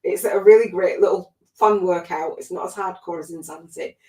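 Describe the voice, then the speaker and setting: A woman's voice: on the low side, brisk, warm tone. Woman, spiritual coach, gushing and emotional, near tears, laughs often, echoey room. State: close to tears. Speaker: spiritual life coach and podcast host. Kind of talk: emotional motivational livestream talk.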